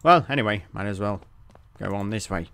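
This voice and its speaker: A man's voice: on the low side, fairly quick, vocal fry, noisy background. A man hosting a let's play video, reading game text aloud with casual, jokey asides. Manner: casual, jokey asides between read lines. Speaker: gaming video host.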